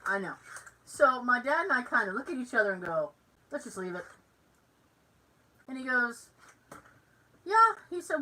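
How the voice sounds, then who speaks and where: A woman's voice: a little high, very animated, normal speed, pauses often, sharp tone, far from the mic, a little hiss or hum, low-quality recording. A woman from Massachusetts with a Massachusetts accent, co-hosting a podcast and telling a story in casual chat. She acts out the lines of other people in the story. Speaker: podcast co-host.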